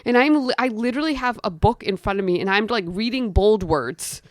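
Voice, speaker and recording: A woman's voice: mid-range voice, a little fast, no echo, clean studio sound. A young woman, a guest telling a story, who talks casually with lots of "like" and acts out what people said. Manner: animated, acts out quotes of herself and others; chatty, frequent "like" fillers.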